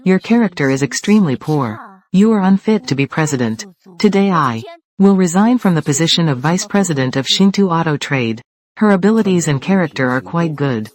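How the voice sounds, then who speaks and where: Short, combative lines fly between rival executives fighting over a company, all performed by one dubbing voice for this drama. The pitch sits in the middle, the tone is natural and expressive, and the pace runs a little quick.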